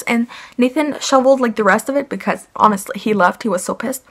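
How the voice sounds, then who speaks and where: A woman's voice: on the high side, fairly quick, hardly any pauses. A young woman from Quebec telling an annoyed storytime vlog, rambling with many fillers. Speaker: family vlogger.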